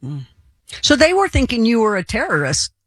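A man's voice: extremely high pitch, huge pitch swings, moderate pace, fairly bright tone, no room sound. A man as an interviewer, reacting to a guest's story with short encouraging interjections.

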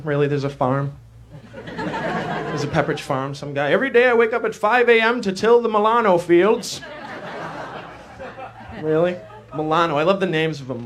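A man doing a stand-up comedy bit in a mock-indignant way, scolding the things he talks about. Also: fairly high pitch.

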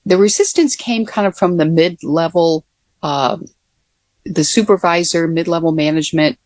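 A woman's voice: sits low, moderate pace, darkish tone, no echo. An older woman, a former Air Force pilot, telling stories in a casual interview with many fillers and restarts.

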